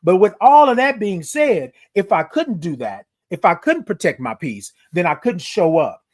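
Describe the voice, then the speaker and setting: This high-voiced livestream host brings lively energy to a motivational chat with his audience. Stretching out his greetings, he welcomes commenters by name and slips in playful, sing-song remarks.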